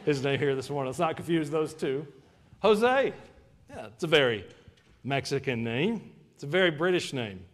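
A man's voice: medium pitch, fairly quick. Guy preaching a sermon in church, chatty, cracks jokes, trips over his words and repeats them. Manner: conversational with joking asides. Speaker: pastor. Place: church service before a congregation.

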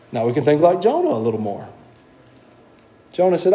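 A man preaching a sermon, moving between hushed asides and emphatic, high-pitched exclamations. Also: big pitch swings, a little fast, long pauses.

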